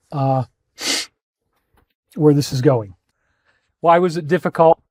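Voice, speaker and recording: Male lecturer, high pitch, intense and rambling, dry recording. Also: a little mellow, no echo. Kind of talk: emotional lecture to an audience.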